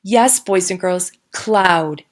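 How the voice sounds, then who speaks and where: A woman who teaches kindergarten, giving a patient recorded lesson and sounding out words slowly for young children. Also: lowish voice. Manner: slow, patient and sing-song, sounding out words.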